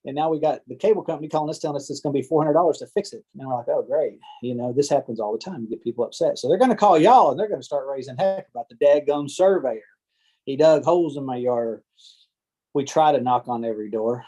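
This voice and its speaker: Speaking to real estate agents in a video-call training meeting from a home or office, this land surveyor has a warm, mid-range voice. His talk is folksy and chatty, full of impressions of irate homeowners. The computer or headset mic gives poor audio.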